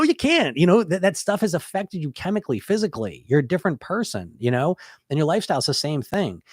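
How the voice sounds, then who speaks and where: A man hosts a weight-loss podcast in a casual, animated monologue. His pitch sits in the middle range and he often repeats and restarts phrases. The recording is dry and close. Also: no room sound.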